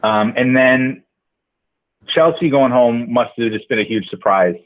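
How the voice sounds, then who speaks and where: A man hosting a casual podcast, chiming in with quick agreement and questions. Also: mid-range voice. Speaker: podcast host. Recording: tinny phone-like audio.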